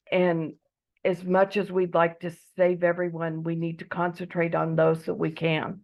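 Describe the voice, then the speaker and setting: A woman from Eastern Oregon delivers an earnest debate speech over a muffled video call, peppered with ums. Her voice is low and gravelly, and she is losing it. She speaks in an even, flat tone.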